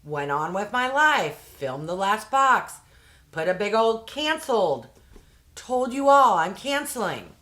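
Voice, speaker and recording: A woman's voice: mid-range voice, very animated, slow, fairly bright tone. Exasperated woman ranting in a casual vlog. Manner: chatty, uses fillers like "like" and "um". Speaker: beauty box reviewer.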